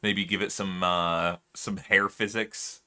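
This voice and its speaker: A man's voice: deep voice, level tone, takes it slowly, bright, forceful tone. A man streaming live, chatting casually with his viewers, laughing often and musing aloud.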